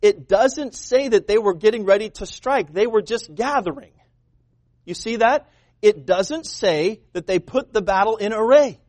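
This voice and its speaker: Male pastor, high tenor, emphatic sermon delivery, dry close recording. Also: animated, a little slow, darkish tone, dry recording. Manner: emphatic preaching, acts out quoted voices, repeats words.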